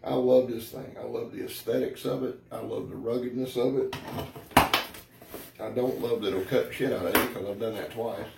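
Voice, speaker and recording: This is a man doing a casual review, folksy and wandering off topic with a cocky streak. His mid-pitched voice carries a rough, gravelly fry. A faint noise sits under the recording. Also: steady tone, normal speed. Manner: folksy, rambling, brash, keeps calling viewers "son". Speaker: knife reviewer.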